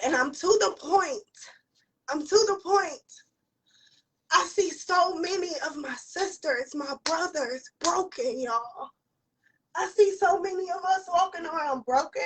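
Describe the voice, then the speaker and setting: A woman's voice: extremely high pitch, measured pace. A young woman, a business coach, giving an emotional motivational talk to camera, repeating lines for emphasis. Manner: heartfelt, repeats lines for emphasis, tearful at times.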